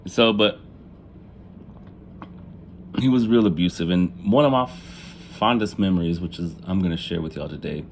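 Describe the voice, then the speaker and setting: A man's voice: low voice, moderate pace, long pauses, a little hiss or hum. A man telling his own life story in a casual, profane way, laughing at his own jokes and acting out family members. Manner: acts out family members in quoted lines.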